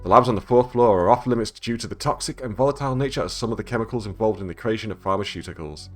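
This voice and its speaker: A man playing a game and reading its emails aloud, stumbling over words and adding sarcastic jokes. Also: mid-range voice. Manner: joking, reads text aloud with stumbles and sarcastic asides. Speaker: gaming YouTuber.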